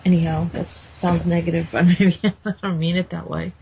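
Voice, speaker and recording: A woman's voice: on the low side, flat delivery, moderate pace, creaky, warm tone, slight background noise. A woman host chatting casually, hesitant and searching for her words. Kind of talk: casual chat. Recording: dull lo-fi recording.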